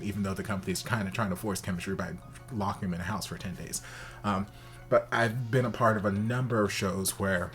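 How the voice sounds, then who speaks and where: A young man hosting a reaction video, talking casually with sassy, expressive asides. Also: lowish voice.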